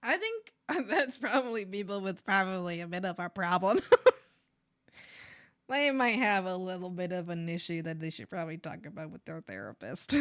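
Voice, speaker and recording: A woman's voice: fairly low pitch, animated, normal speed, fairly bright tone. A woman streamer chatting casually with her viewers, laughing often and swearing offhandedly.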